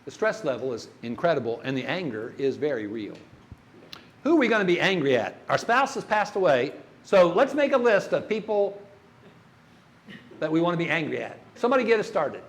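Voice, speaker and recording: A man's voice: on the high side, big pitch swings, fairly quick, a little hiss or hum. An older man preaching a sermon in a church, telling stories and putting questions to the congregation. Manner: storytelling, asks the congregation questions.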